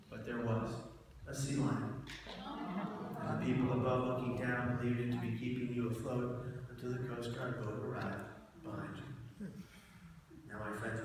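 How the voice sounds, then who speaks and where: A man telling his personal story to an audience as a public speaker, dramatic, swinging between hushed and loud. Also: mid-range voice, little pitch movement, moderate pace. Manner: dramatic, shifts from hushed to shouting for effect. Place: large event hall. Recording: echoey hall, mic far off, noisy.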